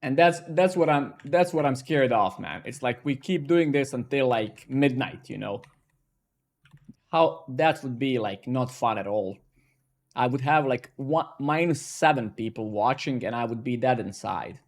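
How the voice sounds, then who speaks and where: A man's voice: mid-range voice, unhurried. A man casually talking to himself and his viewers while coding live, swearing and bursting out when things work. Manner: talks to himself, swears, excitable outbursts.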